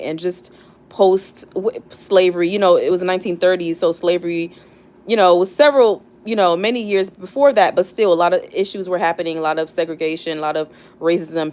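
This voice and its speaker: A woman's voice: on the low side, a little mellow. A young woman hosting a casual live stream, chatting and reflecting with many fillers and restarts. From United States, not the South. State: near tears. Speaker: livestream host.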